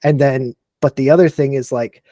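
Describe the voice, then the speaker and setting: A man's voice: medium pitch, moderate pace, dry recording, studio quality. A man, a guest on a podcast talking casually. He talks with lots of emphasis, uses "like" constantly and swears freely. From Texas and Tennessee, USA. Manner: animated, emphatic, fills speech with "like", swears freely. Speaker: podcast guest, military veteran. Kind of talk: casual chat.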